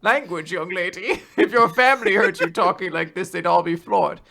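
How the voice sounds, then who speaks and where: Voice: medium pitch, normal speed, gravelly, pushed and bright. A podcast host voicing a loyal male servant who frets and scolds. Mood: scolding. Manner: fretful, scolding.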